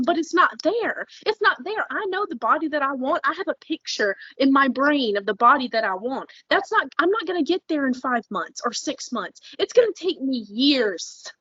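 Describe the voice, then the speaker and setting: A woman's voice: high-pitched, sharp tone, dry recording, lo-fi sound. A woman co-hosting a podcast, talking bluntly and heatedly in casual chat, with frequent swearing. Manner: blunt, fired-up, swears freely. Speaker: podcast co-host.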